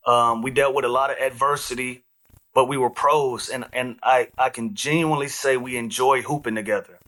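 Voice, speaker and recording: A man as a guest on a basketball podcast, telling stories in a relaxed, animated way. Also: medium pitch, normal speed. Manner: relaxed, animated storyteller, frequent fillers. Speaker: guest, retired basketball player. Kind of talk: casual interview storytelling.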